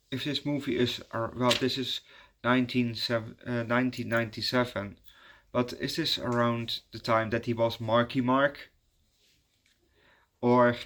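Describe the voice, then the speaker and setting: A man's voice: medium pitch, a bit bright. Rambling man reviewing a movie. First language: Dutch. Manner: rambling and hesitant, many fillers and restarts. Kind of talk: casual spoken movie review.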